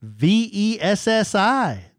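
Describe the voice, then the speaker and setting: A man's voice: high voice, sing-song, takes it slowly, dry recording, clean studio sound. A man co-hosting a podcast, playful and mock-aggrieved as he jokes in casual chat. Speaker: podcast co-host. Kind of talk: casual chat and comedic rant.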